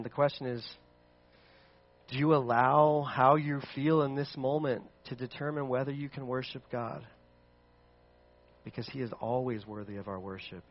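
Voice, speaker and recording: Earnest man preaching, muffled sound. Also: mid-range voice. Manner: earnest, swings from loud pleading to soft hushed delivery. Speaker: pastor. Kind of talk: sermon.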